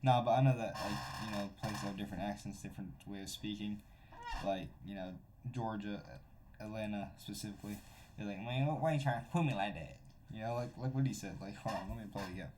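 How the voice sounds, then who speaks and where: A man's voice: fairly low pitch, fairly even intonation, fairly quick, a little mellow, a little hiss or hum. A man reacting to videos on a live stream, talking in a laid-back, meandering way with lots of fillers. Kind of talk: casual reaction commentary.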